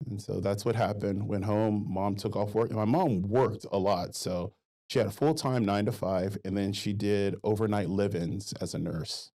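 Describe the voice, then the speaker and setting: A man with a low, gravelly voice and a dark, mellow tone recounts his past for a podcast. He is relaxed and reflective, taking his time as the story unfolds. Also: moderate pace. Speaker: guest. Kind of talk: casual interview storytelling.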